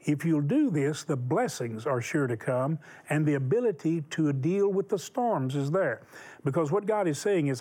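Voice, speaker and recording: A man's voice: fairly high pitch, animated, moderate pace, warm tone. A man hosting a Christian television talk show, speaking in an emphatic, preacherly way.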